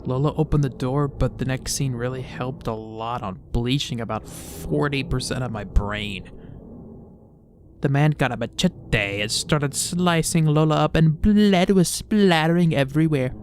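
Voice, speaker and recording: A man's voice: medium pitch, a little slow, background noise. Exasperated, stammering man reading creepypasta. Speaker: creepypasta reviewer. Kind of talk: comedic reading with commentary.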